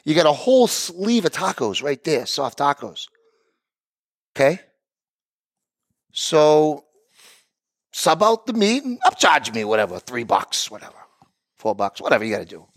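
A man's voice: fairly high pitch, big pitch swings, unhurried, pauses often. A middle-aged man telling a heated story on a podcast, acting out both sides of the conversation. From Italian heritage. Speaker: podcast co-host, barbecue business owner. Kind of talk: animated storytelling rant.

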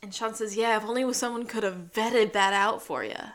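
A woman co-hosting a casual podcast recap of a TV episode, acting out the characters' lines in quick animated bursts. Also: medium pitch. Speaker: podcast co-host.

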